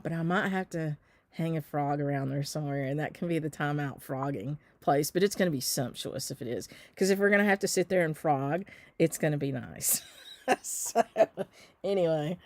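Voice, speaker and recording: A Southern American woman, a shop owner, hosts a casual live stitch stream, chatting and answering viewer comments with plenty of ums. Her voice is low and a little mellow, her pace moderate, and there's no room sound.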